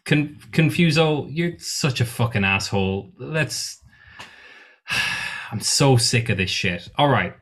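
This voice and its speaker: A man's voice: medium pitch, expressive, slow pace, a bit bright. A man voicing a fierce, foul-mouthed woman who runs a bar, talking in an exasperated, swearing way. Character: fierce tough female bar owner with fork claws.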